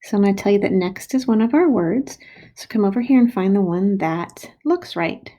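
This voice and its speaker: A woman teaching first graders to write a sentence, slowly sounding out each word and syllable with patient, clear steps. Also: mid-range voice, animated, mellow. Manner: slow, patient, sounding out words. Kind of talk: recorded writing lesson for children. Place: home. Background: dog barking.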